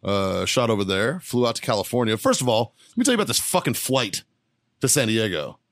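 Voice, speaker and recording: A man's voice: fairly low pitch, big pitch swings, a little fast, a bit bright, dry recording. A man hosting a podcast in a studio, telling a long, profane, rambling story with frequent laughs. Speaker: podcast host.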